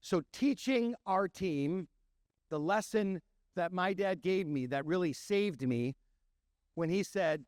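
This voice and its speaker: Middle-aged chef, lively storyteller who acts out quotes; high-pitched voice, dry recording. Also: male voice, slow pace, no echo. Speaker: chef and restaurant owner. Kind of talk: storytelling talk.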